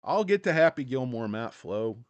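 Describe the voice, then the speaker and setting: A man's voice: mid-range voice, sing-song, moderate pace, clear, resonant tone, no echo. A man ranting casually about stocks on a livestream, sarcastic and swearing, often sidetracked into jokes. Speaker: stock market commentator.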